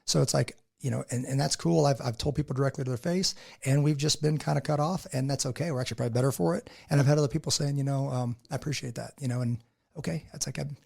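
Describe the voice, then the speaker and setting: A man's voice: medium pitch, fairly even intonation, fast talker, vocal fry, darkish tone. A man as a podcast guest, talking in a casual, earnest way and acting out what people said in his stories. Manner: earnest, storytelling, acts out quotes. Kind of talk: casual conversation.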